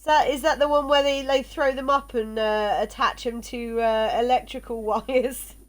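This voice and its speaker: A woman's voice: on the high side, steady tone, normal speed. A tired woman streaming a game live, chatting in a rambling way with fillers and laughs. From South West England. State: yawning, tired. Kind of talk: casual live gameplay chat.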